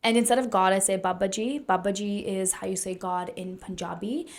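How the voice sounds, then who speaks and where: A young woman, a wellness coach, giving earnest, chatty motivational advice to camera, full of "like" fillers and now and then dropping to a soft whisper. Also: mid-range voice, fairly even intonation, brisk. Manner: sometimes drops into a soft whisper. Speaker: naturopathic doctor and wellness coach. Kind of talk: casual motivational talk to camera.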